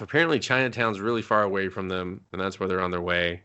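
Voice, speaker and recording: A man's voice: low voice, sharp tone, clean tone. Profane sarcastic male podcast host. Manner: mocking, swears often, acts out characters in quick voices. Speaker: movie review podcast co-host. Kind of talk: profane sarcastic movie recap.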